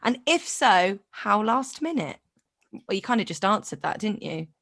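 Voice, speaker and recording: A woman's voice: mid-range voice, very animated, normal speed, vocal fry, a bit bright. A young woman in her twenties hosting a casual podcast interview, chatty and self-mocking, laughing often. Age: 20s. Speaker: podcast host.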